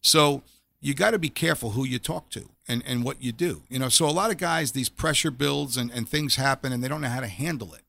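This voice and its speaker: A man's voice: mid-range voice, fairly quick, vocal fry, bright, forceful tone. A middle-aged man, a former police officer, giving an earnest personal faith testimony in an interview, often repeating phrases as his feelings rise. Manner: earnest, repeats phrases when he gets emotional.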